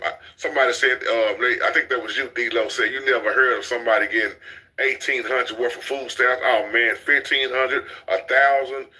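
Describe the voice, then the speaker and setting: A man's voice: medium pitch, sharp tone, low-quality recording. A man, talking bluntly in a casual commentary chat, preaching and repeating his points as the host.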